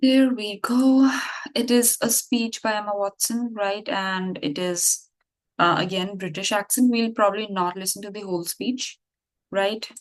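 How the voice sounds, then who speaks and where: A woman's voice: medium pitch, steady tone, a little slow. A woman English teacher explaining things in a casual online lesson, talking with fillers and restarts. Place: online class with screen sharing.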